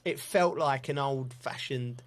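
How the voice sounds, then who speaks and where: A man's voice: mid-range voice, measured pace. A man telling football stories in casual, laughing banter as a commentator and pundit. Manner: laughing storyteller, animated and chatty.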